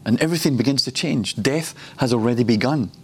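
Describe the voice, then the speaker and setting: Husky-voiced man teaching a sermon. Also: medium pitch, brisk, a little mellow. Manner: personal and reflective, laughs often. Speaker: preacher. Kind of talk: ministry school teaching.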